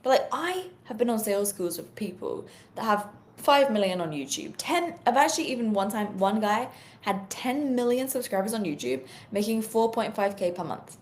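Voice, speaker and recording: A woman's voice: medium pitch, normal speed, few pauses. Chatty British woman on a live stream. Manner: energetic, chatty, peppered with fillers. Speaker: social media sales coach. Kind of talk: live-stream talk to viewers.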